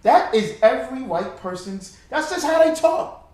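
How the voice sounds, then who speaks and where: A man's voice: very high voice, very animated, normal speed, a little mellow. A man preaching with fiery, mocking commentary, his voice distant from the mic in a very echoey space. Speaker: religious teacher.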